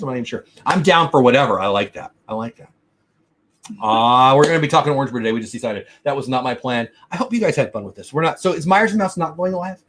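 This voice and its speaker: A man hosting a casual livestream from home, chatting enthusiastically and answering viewer comments. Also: mid-range voice. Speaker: livestream host. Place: home room. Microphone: desk mic.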